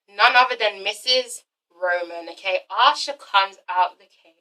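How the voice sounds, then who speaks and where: A woman recapping a TV episode in a casual vlog, excitable and profane, acting out the characters in quick asides. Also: a little high, poor audio. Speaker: TV episode reviewer.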